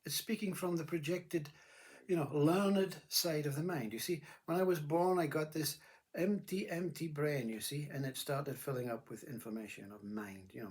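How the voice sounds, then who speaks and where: A man giving a rambling philosophical monologue, with blunt earthy words, who keeps saying "you see" and "you know". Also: medium pitch. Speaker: spiritual speaker.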